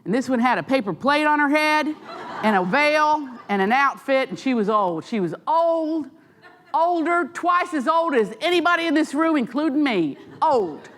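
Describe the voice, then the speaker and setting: A middle-aged woman with a Southern American accent, telling stories to an audience at a library author talk with lively, self-mocking asides. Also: sits high, normal speed. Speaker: author speaking at a library event. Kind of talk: storytelling talk. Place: library event hall with an audience.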